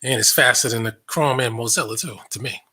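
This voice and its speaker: A man's voice: medium pitch, brisk, bright, forceful tone, slightly rough. A man hosting a casual commentary monologue, blunt and sarcastic, swearing freely and laughing often. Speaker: online show host.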